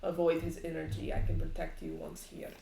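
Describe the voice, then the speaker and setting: A woman's voice: sits low, sing-song, brisk, vocal fry, dark tone, heavily acted. A woman voicing a commanding male vampire lord who gives urgent orders in a tabletop game. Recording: echoey room.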